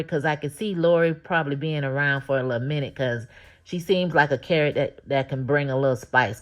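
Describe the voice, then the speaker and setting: Woman host, low voice, chatty and animated recap delivery, slangy and quick to laugh. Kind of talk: casual episode recap.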